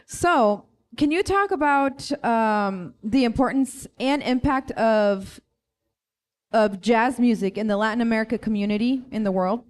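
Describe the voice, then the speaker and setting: A woman's voice: a little high, a little slow. A woman moderating a live panel, asking questions with friendly, playful asides.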